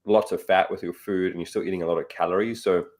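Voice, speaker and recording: Low-voiced man explaining diet. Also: fairly even intonation, quick pace, a little mellow. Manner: confident, explanatory. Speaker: fat loss coach guest. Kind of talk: casual radio interview.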